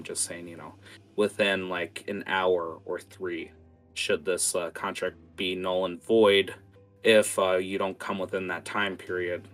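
A man's voice: deep voice, a bit bright. A man narrating a tabletop game as game master, in a casual, rambling way. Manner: casual, many fillers and restarts.

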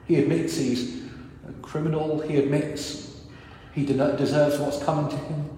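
A man's voice: on the high side, flat delivery, a little slow, warm tone, a little hiss or hum. A man, a priest giving a sermon, telling stories and acting out reactions and dialogue as he goes. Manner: storytelling, acts out crowd reactions and dialogue. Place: large church. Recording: very echoey church with long reverb.

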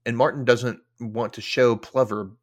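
A man's voice: medium pitch, fairly even intonation, normal speed. A man hosting a podcast, casually recapping a TV episode in a chatty way, full of filler words and casual swearing. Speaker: podcast host.

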